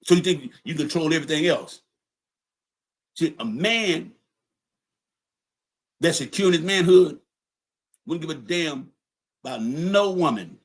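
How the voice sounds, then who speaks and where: A man hosting his own podcast livestream, in the middle of a heated, profane rant. He talks in a somewhat high voice, confronting his viewers directly and repeating lines to drive them home. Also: animated, unhurried, long pauses. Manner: angry, profane, repetitive, confrontational. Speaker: podcast host. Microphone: livestream setup.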